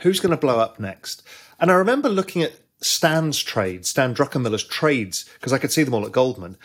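A man with a husky, mid-range voice tells a story from his trading days. He talks fast, with plenty of asides. It sounds like an interview. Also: mid-range voice. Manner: animated anecdote-telling, quick asides. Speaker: guest, former trader.

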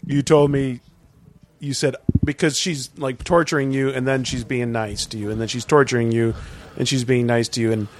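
A man's voice: mid-range voice, normal speed. A man in casual talk, filling in details of a story with frequent restarts. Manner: relaxed, hesitant restarts, adds details to a friend's story. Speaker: podcast guest.

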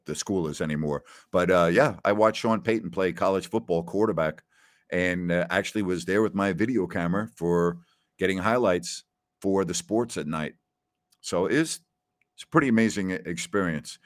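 A middle-aged man hosts a call-in radio show and drifts through long, nostalgic stories, full of "uh" and restarts. His voice sits a little low. The studio sound is dry and close, with no room echo. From New York. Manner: rambling, nostalgic storytelling with many fillers. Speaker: radio talk show host. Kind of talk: casual call-in show chat.

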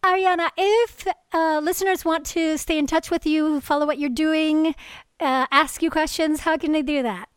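A woman's voice: high-pitched, steady tone, moderate pace, no room sound, studio quality. A woman hosting a podcast, chatty and upbeat, talking casually with a guest and her listeners. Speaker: podcast host. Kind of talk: casual interview chat.

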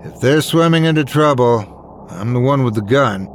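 A man's voice: medium pitch, animated, normal speed, slight background noise, natural voice. A man voicing a nervous young male diver who snaps and panics. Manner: panicky, snappish.

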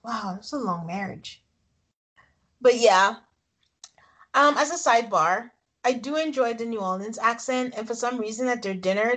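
A woman's voice: medium pitch, a bit bright. A woman co-hosting a casual podcast, chatty and laughing often as she retells scenes. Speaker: podcast co-host recapping a reality show. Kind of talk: casual recap chat.

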